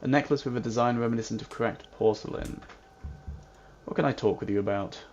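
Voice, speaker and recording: A man's voice: medium pitch, brisk, darkish tone. Playful man reading game text aloud. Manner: playful, reads game text aloud, hums little jingles. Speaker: gamer playing a mystery game. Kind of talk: let's-play commentary. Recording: dull lo-fi with faint hiss.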